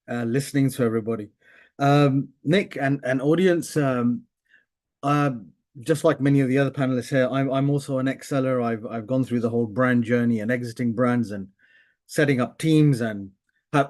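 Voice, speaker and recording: Man pitching on a webinar. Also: moderate pace, a little mellow. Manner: many fillers and restarts, earnest pitch. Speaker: webinar panelist, software founder. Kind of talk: webinar presentation.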